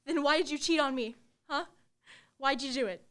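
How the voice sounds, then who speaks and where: A young woman's high voice, hurt and reproachful, as an actress reads the part. She plays a girlfriend who is firmly ending a relationship. It comes from a live reading of a new play. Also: moderate pace, a bit bright. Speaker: stage actor in a play reading.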